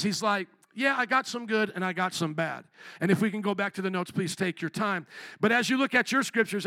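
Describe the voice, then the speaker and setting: A man preaching a sermon as pastor, animated and asking the congregation questions. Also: sits high, no echo. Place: church.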